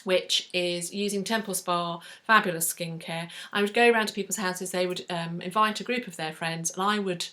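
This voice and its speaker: A woman's voice: fairly low pitch, fairly even intonation, moderate pace, hardly any pauses, a bit bright. A woman in her forties from South East England, with a Southern English accent and a slight northern inflection, chatting effusively to camera as a book vlogger. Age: 40s. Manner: chatty and effusive, with fillers and restarts. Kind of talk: casual chat to camera.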